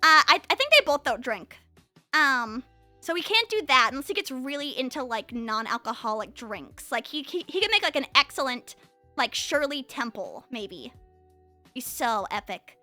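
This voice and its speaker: A young woman streamer chatting casually with her live chat, talking very fast and bubbly. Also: sits high, lively intonation, pushed and bright, faint music behind.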